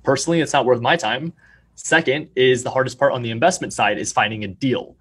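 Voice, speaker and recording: A young adult real estate agent from Arizona, USA, explains his deals in a confident, salesy manner during a podcast interview. His mid-range voice is slightly rough and a little fast.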